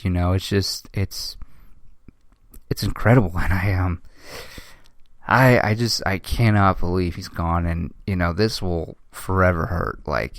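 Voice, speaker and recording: A young man hosting a casual commentary, speaking with emotion, halting often with restarts and swearing. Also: sits low, smooth, no echo, studio quality. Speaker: host.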